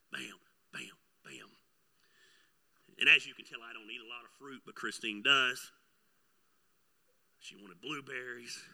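A middle-aged man, preaching a sermon and telling a personal story, swinging between loud bursts and hushed asides. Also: mid-range voice. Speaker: pastor.

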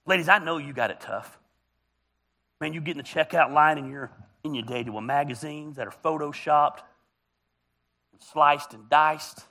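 A man's voice: on the high side, normal speed, gravelly, pauses often, pushed and bright. A man preaching a humorous, storytelling sermon as a pastor, joking and teasing his congregation. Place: church auditorium.

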